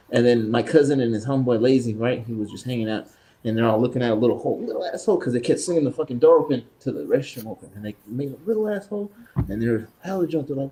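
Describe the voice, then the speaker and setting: A man co-hosting a podcast, telling profane, animated party stories in casual chat. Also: fairly high pitch, fast. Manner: profane, animated anecdotes with acted-out quotes. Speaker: podcast co-host.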